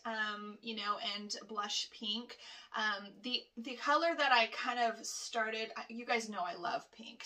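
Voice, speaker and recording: A woman's voice: a little high, sharp tone, recorded from a distance. A woman in her thirties, a nail technician, chatting casually to camera from her home nail studio, rambling with lots of fillers and laughs. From Canada.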